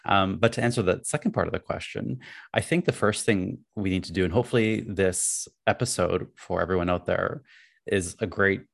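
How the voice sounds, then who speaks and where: A man co-hosting a podcast, speaking in a relaxed, plainspoken way. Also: sits low, moderate pace, vocal fry, no room sound, clean studio sound. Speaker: podcast co-host. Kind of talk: casual podcast chat.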